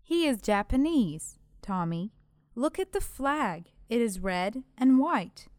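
A woman voicing a friendly British schoolgirl at a party, speaking slowly and carefully in a scripted language-lesson dialogue. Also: on the high side, lively intonation, darkish tone, no room sound, clean studio sound. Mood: cheerful.

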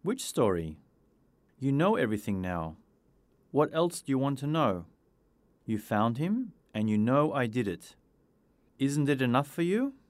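A man's voice: mid-range voice, big pitch swings, measured pace, long pauses, no room sound. A man voicing a bitter, lonely woman kidnapper who bursts out in anger during questioning. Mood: defensive. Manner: bursts out angrily, pleading.

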